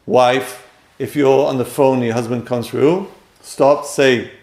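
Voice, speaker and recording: Gravelly man, teaching. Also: mid-range voice, fairly even intonation, slow, darkish tone. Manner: emphatic, repeats key phrases, addresses listeners directly. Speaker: teacher giving marriage guidance. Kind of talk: spoken lesson on marriage. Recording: roomy echo.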